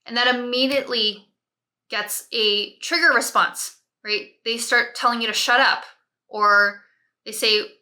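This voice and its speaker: A woman parent coach giving direct, step-by-step advice, often checking in with a quick "right?". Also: fairly high pitch, fairly even intonation, pushed and bright. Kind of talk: advice talk to camera.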